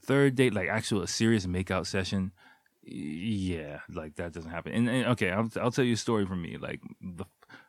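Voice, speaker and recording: A man's voice: low-pitched, animated, moderate pace, no echo, studio quality. A man in his thirties casually telling a rambling, profane personal story, full of fillers and restarts. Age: 30s. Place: living in Japan.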